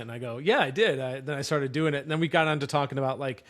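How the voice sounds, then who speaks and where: A man's voice: mid-range voice, fast, a bit bright. A man co-hosting a podcast in casual chat, a laid-back, curious questioner. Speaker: podcast co-host.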